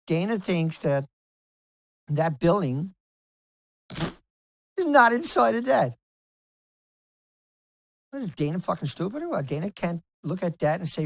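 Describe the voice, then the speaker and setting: A man's voice: high-pitched, animated, moderate pace, vocal fry, pauses often, no echo, poor audio. A man ranting to camera in an angry vlog, heated and profane, repeating himself. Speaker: video blogger.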